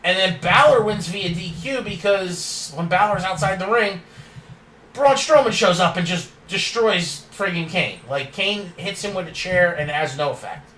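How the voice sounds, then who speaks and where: A man's voice: high-pitched, measured pace, bright, forceful tone, recorded from a distance, slight background noise. Opinionated man ranting in an echoey room. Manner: opinionated, ranting, laughs often. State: yawning and tired. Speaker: wrestling recap host. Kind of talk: casual recap monologue.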